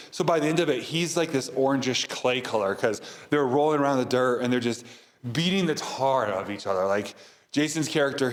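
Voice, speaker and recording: Rambling man recapping a movie. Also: medium pitch. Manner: rambling, lots of "like" fillers. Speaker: podcast host. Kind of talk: casual movie recap monologue.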